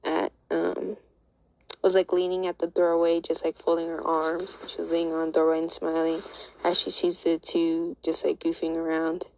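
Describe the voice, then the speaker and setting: A woman's voice: low-pitched, monotone, normal speed, gravelly, darkish tone, low-quality recording. A woman casually retelling a fan story aloud, rambling and stammering with many restarts. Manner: rambling, stammering, full of "and then" and "like".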